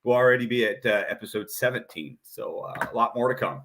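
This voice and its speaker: A man's voice: medium pitch, expressive, brisk, a bit bright. A man from Central Illinois, co-hosting a casual sports podcast in an easygoing, agreeable way. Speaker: podcast co-host.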